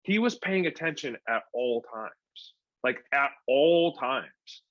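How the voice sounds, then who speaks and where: A man in his forties, a former pro pitcher, telling stories as a podcast guest and acting out the dialogue. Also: takes it slowly. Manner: animated storyteller who acts out quoted dialogue. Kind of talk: casual storytelling interview. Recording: dull lo-fi podcast audio.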